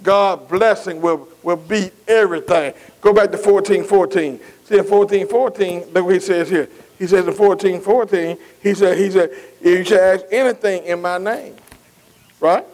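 A man's voice: high-pitched, fairly even intonation, a little slow, darkish tone, low-quality recording. A man preaching a sermon, repeating phrases and calling out to the congregation. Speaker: pastor.

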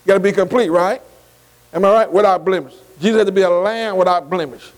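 Male Bible teacher, high voice, long echo behind him; drops "see" between phrases, spells out Greek words, keeps checking in with the class. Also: fast talker. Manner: keeps asking the class to follow along.

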